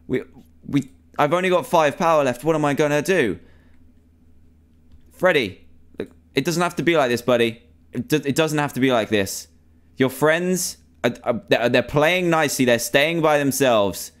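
A man's voice: medium pitch, normal speed. A man commentating on a horror game, panicky and pleading, repeating himself as he talks to himself. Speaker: gamer.

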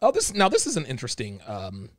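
A man's voice: medium pitch, quick pace, dry recording. A man hosting a casual studio talk, chatting loosely and reading out listener questions. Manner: relaxed, lots of fillers, reads listener questions. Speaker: host. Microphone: studio mic.

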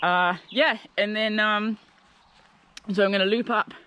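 A woman's voice: mid-range voice, fairly even intonation, unhurried, bright, forceful tone, a little hiss or hum. A woman vlogging outdoors on a hill walk, chatty and upbeat but a bit groggy and tired, with lots of fillers. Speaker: hiking vlogger. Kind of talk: casual vlog to camera. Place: outdoors on a mountain roadside and trail. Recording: music playing underneath.

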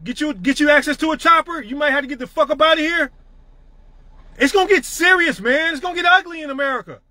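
Middle-aged guy yelling motivation, cussing a lot, really high bright voice. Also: fast, no room sound. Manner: profane, emphatic, preachy. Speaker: network marketing leader. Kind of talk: motivational rant.

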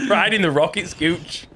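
A man hosting a gaming session, joking and laughing excitably with friends over voice chat. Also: high-pitched, noisy background. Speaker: gaming channel host. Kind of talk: casual game chat with friends.

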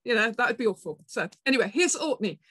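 A woman from southern England with a Portsmouth accent, giving a conference talk in a chatty way, often pausing on ums and restarting. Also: a little high, expressive, fairly bright tone, breathy edge, dry recording, poor audio. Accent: Portsmouth English. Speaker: conference speaker. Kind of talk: presentation talk.

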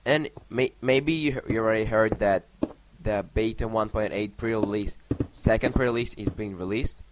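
Young guy yapping over minecraft, lowish voice, swears a ton, clicks and hiss behind. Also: moderate pace. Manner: rambling, swears a lot, counts blocks under his breath. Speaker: gaming vlogger. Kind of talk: casual storytelling over gameplay. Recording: noisy home mic recording.

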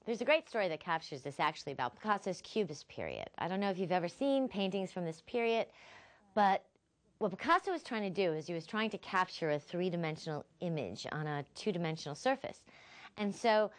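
A woman's voice: fairly low pitch, normal speed. A woman philosophy instructor giving a recorded lecture, telling stories expressively. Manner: expressive, animated storyteller.

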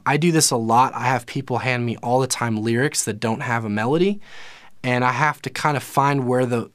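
A male music teacher talks through a live online lesson in a loose, conversational way, with frequent "um"s and self-corrections. His voice sits in a middle pitch and is recorded with a dry, close sound. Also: no room sound. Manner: casual, explanatory, lots of fillers and self-corrections.

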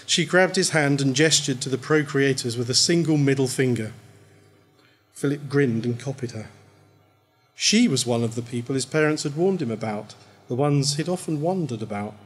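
A man reading his own short story aloud at a live event, in a measured storytelling manner. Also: mid-range voice, slightly rough.

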